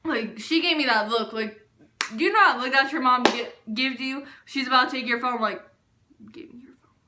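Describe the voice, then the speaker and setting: A young woman casually telling a storytime vlog, animated and full of filler words. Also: sits high, normal speed, roomy sound, background noise. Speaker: vlogger.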